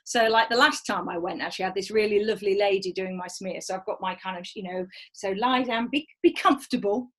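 A woman in her thirties telling a frank, animated personal story in casual chat, acting out quoted voices. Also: mid-range voice, fast talker, few pauses, low-quality recording.

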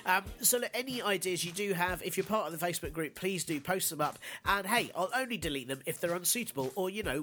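A man hosting a podcast, stuffed up and nasal from a cold, delivering sardonic news jokes and casual chat. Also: on the high side. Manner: sardonic, deadpan jokes with fillers. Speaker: podcast host.

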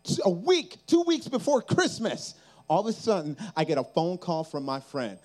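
A young man in his twenties giving an animated, comic storytelling sermon as a camp speaker. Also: high-pitched, normal speed. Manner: lively, comic, dramatic retelling.

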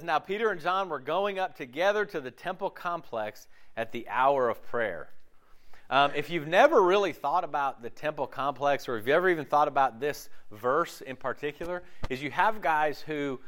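A man with a slightly high, somewhat bright voice preaches as a pastor, keeping his sermon conversational. He asks his listeners questions often and acts out their inner voices in quotes.

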